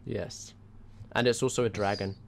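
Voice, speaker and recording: A man's voice: on the low side, steady tone, moderate pace, vocal fry, slight background noise. A man co-hosting a casual gaming chat, reasoning his choices out aloud. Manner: musing, reasons things out aloud. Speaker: co-host.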